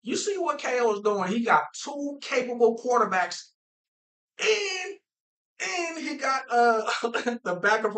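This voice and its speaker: A man's voice: very high voice, a little slow, rough recording. Fired-up man ranting about football. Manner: animated, repetitive, talks straight to viewers; emphatic, restarts phrases often. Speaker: football fan vlogger. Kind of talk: casual sports rant.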